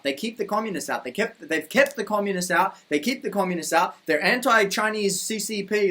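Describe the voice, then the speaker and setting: A New Zealand man with a notably high voice goes on a heated, swearing rant. He rambles from point to point in a casual vlog monologue recorded in a room at home. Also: bright, forceful tone. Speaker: vlogger. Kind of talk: ranting opinion monologue.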